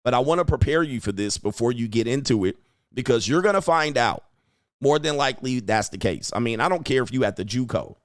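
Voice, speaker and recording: A blunt man holds forth on his livestream, hammering his points home and saying them twice for emphasis. His voice sits at an ordinary middle pitch and sounds close and dry, with no room around it. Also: animated, fairly quick, no room sound. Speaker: host. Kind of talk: livestream commentary.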